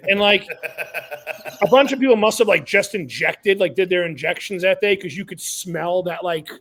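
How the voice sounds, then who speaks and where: A man's voice: high voice, moderate pace, a bit bright. A man co-hosting a podcast in casual chat, telling blunt, profane stories with many restarts. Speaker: podcast co-host.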